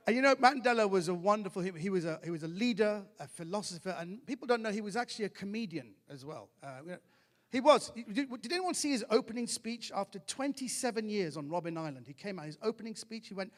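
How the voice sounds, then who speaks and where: An animated male comedian tells stories from a theatre stage, slipping into the voices of the people he describes. His voice sits fairly high, and the long hall reverb hangs behind it. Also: fast. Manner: animated, acts out quoted voices. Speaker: stand-up comedian. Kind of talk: stand-up storytelling.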